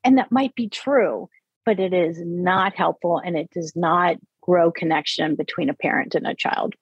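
A woman in her fifties, a therapist, explaining parenting in an earnest conversational interview and slowing down to stress her points. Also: on the low side, breathy edge, dry recording, lo-fi sound. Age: 50s.

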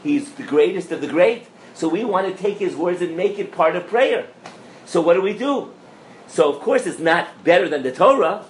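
Male rabbi, Torah class, animated, checks in with audience, slightly high voice, roomy hall mic. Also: normal speed, a little hiss or hum. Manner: animated, asks the audience questions, mixes in Hebrew and Yiddish terms. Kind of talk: lively Torah lecture to a live audience. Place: lecture room with an audience.

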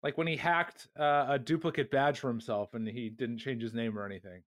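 A young man co-hosting a podcast, retelling a TV episode in casual chat and mocking the characters with quick put-on voices. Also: mid-range voice, no echo, studio quality. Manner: animated, acts out characters mockingly while retelling. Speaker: podcast co-host.

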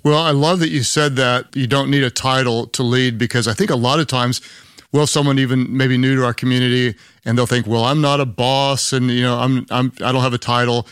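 A man with a Southern US accent hosting an interview, friendly and affirming with quick asides. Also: medium pitch, fairly even intonation, a bit bright, smooth, dry recording, studio quality. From Oklahoma. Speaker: podcast host. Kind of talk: conversational interview.

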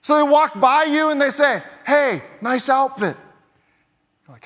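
A higher-pitched man preaches from the pulpit, leaning hard into key words and then dropping to a hush. His voice rings out through the long reverb of a large church hall. Each point lands with insistent emphasis. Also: measured pace. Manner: emphatic, swings between loud punches and quiet drops. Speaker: pastor. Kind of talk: sermon.

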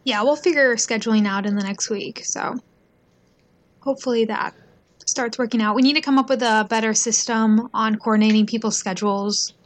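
A woman's voice: fairly high pitch, fairly even intonation, moderate pace. A young woman co-hosting a casual podcast chat, chatty and often saying "um" and "so". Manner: chatty, with fillers like um and so. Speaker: podcast co-host.

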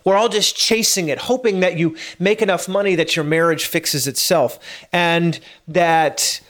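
A man's voice: fairly high pitch, fairly even intonation, measured pace, fairly bright tone. A man in his late thirties giving a casual motivational monologue, earnest and prone to stammering and repeating words as he gets worked up. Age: 30s. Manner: laughs at himself now and then.

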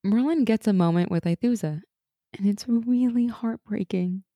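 A young woman co-hosting a casual TV recap chat, animated and laughing as she acts out lines from the show. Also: medium pitch, normal speed, no room sound. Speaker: podcast co-host.

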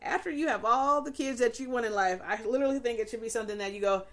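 A woman's voice: a little high, fast, few pauses. A woman in her forties hosting a podcast, chatting candidly and telling stories with laughter. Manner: candid, laughing, animated storyteller. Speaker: podcast host. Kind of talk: casual chat.

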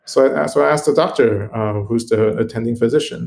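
A man being interviewed as a guest, telling a personal story in an earnest, halting way with frequent ums and restarts. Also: medium pitch, vocal fry, a little mellow. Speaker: guest, computational biologist.

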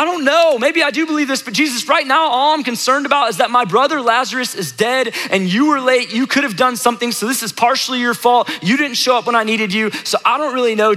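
Brief: a man playing a flustered grieving sister, raised bright voice, long hall echo. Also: very high voice, voice pushed up. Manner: pleading, flustered, halting repeats. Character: grieving exasperated woman, sister of the dead. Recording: echoey hall reverb.

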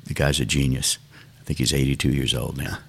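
A man's voice: very deep voice, flat delivery, brisk, creaky, a bit bright, breathy edge. A older man, a songwriter, talking thoughtfully and unhurriedly in an interview. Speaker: songwriter guest. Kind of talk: reflective interview talk.

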